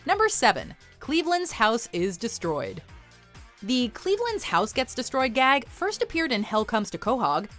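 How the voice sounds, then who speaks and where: A woman reads a scripted countdown with a wry, playful edge. Her pitch sits a touch high and swings widely from phrase to phrase. Faint music plays beneath her. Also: huge pitch swings, normal speed, a bit bright. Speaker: countdown narrator.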